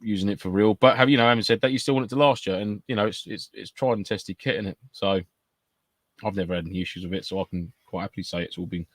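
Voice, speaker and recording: Fast-talking British man, low voice. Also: steady tone, dry recording. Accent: British English. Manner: rapid, chatty, full of "you know" and repeats. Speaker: podcast co-host. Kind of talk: casual chat.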